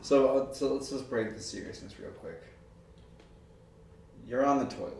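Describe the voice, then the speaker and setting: A man's voice: mid-range voice, moderate pace, vocal fry, darkish tone. A man in his thirties co-hosting a casual chat, telling rambling stories and laughing often. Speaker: co-host. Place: room, on a couch. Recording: echoey room, distant mic, faint noise.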